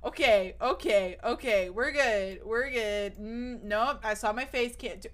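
A woman's voice: on the high side, unhurried, few pauses, fairly bright tone. A young woman streamer chatting casually with her viewers, rambling and restarting a lot, nervous, with her voice cracking. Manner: rambling, restarts often, swears. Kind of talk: casual chat with live viewers.

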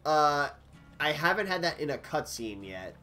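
A man's voice: a little high, very animated, normal speed, pushed and bright, faint music behind. A young man chatting casually with friends on a gaming stream, laughing and swearing.

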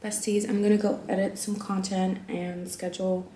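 A woman in her twenties from the Netherlands, chatting candidly in a vlog from a hotel room. She swings between loud exclamations and hushed asides. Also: medium pitch, little pitch movement, moderate pace, roomy sound. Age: 20s. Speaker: vlogger. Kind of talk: casual candid vlog chat. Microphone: handheld vlog camera.

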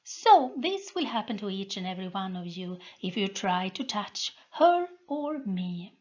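A woman reading a storybook aloud and voicing a cold, commanding young noblewoman with witch powers, slow and haughty in her delivery. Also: mid-range voice, big pitch swings, dull audio. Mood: cold, scornful.

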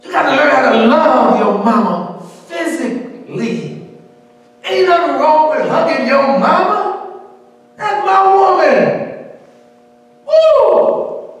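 A male pastor preaching a sermon in a church, building up to shouts in a call-and-response style. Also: extremely high pitch, animated, slow pace, far from the mic. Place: church sanctuary. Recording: echoey church hall, mic from afar.

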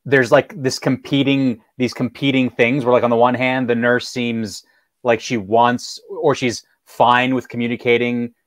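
A man's voice: mid-range voice, level tone, measured pace, no echo. A man in a casual discussion, talking hesitantly and rambling with many fillers. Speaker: panelist.

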